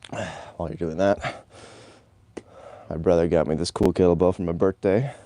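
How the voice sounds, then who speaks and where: A man's voice: sits low, fairly even intonation, normal speed, warm tone. A middle-aged man leading a live exercise class, giving step-by-step cues while moving, on a clip-on mic. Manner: coaching cues between moves, apologetic about the mic. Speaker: movement instructor. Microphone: clip-on mic worn while exercising.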